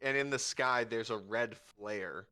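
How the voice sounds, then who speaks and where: A man narrating a tabletop game as game master, describing a battle slowly and vividly. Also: medium pitch, sharp tone, clear, resonant tone. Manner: slow, vivid scene narration.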